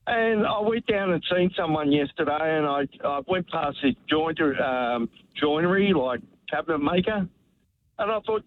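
A man's voice: a little high, expressive, normal speed. Australian man calling in on a phone line. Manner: rambling, repeats words, heartfelt. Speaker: radio caller. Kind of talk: emotional talkback call. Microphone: telephone. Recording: tinny phone line, dry.

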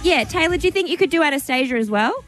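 A woman's voice: high-pitched, lively intonation, rapid-fire, over music. A woman co-hosting a radio show, bubbly and giggly, chatting with callers. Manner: bubbly, giggly, self-conscious. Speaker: radio co-host. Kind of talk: casual radio banter. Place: radio studio.

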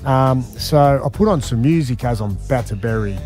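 Animated Australian man telling a story. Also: mid-range voice, moderate pace, faint music behind. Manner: animated, emphatic, frequent "man" and "mate" fillers. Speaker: radio show host. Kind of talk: casual storytelling chat.

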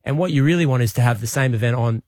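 An Australian man, a politician guest on a radio show, talking about policy briskly with some restarts. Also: medium pitch, a little mellow, no room sound, clean studio sound. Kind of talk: casual radio interview.

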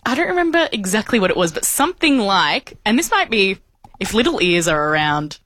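A woman's voice: mid-range voice, sing-song, a little fast, a bit bright, no echo. A woman on a breakfast radio show, recounting a story hesitantly and with giggles. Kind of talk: casual radio chat.

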